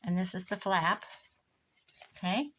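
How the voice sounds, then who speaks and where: A woman's voice: on the low side, a little slow, background noise. A woman, chatting through a rambling family story while she works on a craft project at home. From Iowa, USA. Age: 60s. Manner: rambling, animated anecdotes with asides about the craft. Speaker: crafting vlogger. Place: home craft desk indoors.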